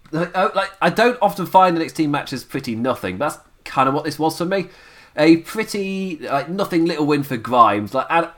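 A man's voice: medium pitch, a bit bright. Podcast host, young man, rambling casual recap, tired voice, lots of ums. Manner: rambling, chuckling, many fillers and restarts. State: voice worn down, sipping tea. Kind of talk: casual solo recap chat.

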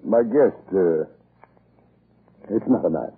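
An actor playing a pompous, blustering older English lord in 1940s radio acting, who stammers with "uh" when cornered. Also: male voice, sits low, lively intonation, slow, breathy edge, full character voice. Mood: evasive. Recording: muffled lo-fi old radio broadcast.

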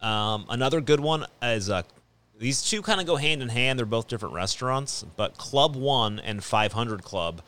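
A man co-hosting a podcast, chatting upbeat about his picks with many pauses and "um"s. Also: medium pitch, lively intonation, a bit bright. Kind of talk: casual chat.

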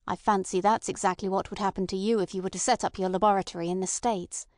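Brief: woman reading an impatient male radical, blunt and loud-ish, dry close sound. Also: medium pitch, steady tone, fast talker, no room sound, lightly acted. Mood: agitated. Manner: blunt, agitated. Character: impatient resentful male anarchist, Ossipon.

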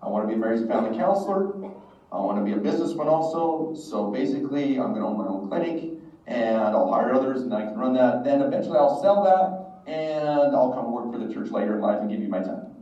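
In a fast, expressive voice of mid-range pitch and dark tone, a middle-aged religious instructor tells a personal story during a devotional talk, performing its dialogue. The room recording sounds echoey, distant and dull.

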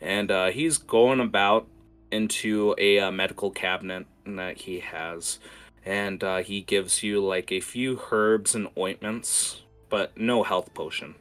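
A man's voice: fairly low pitch, fairly even intonation, unhurried, fairly bright tone, soft background music. A man narrating a tabletop game as game master, rambling with many fillers.

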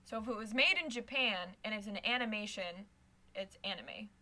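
Bright-voiced woman co-hosting a chat. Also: medium pitch, moderate pace. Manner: playful, teasing. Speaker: podcast co-host. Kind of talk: casual chat.

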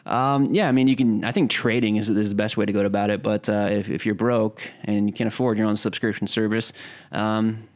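A man's voice: fairly low pitch, steady tone, brisk, a little mellow. A man co-hosting a podcast, joking and swearing in loose, mock-sincere banter. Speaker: podcast co-host. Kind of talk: casual banter.

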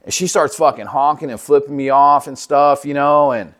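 A man's voice: on the high side, steady tone, moderate pace, a bit bright. A man sharing his recovery story in a casual, profane way, acting out what people said. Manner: profane, laid-back, acts out quoted dialogue.

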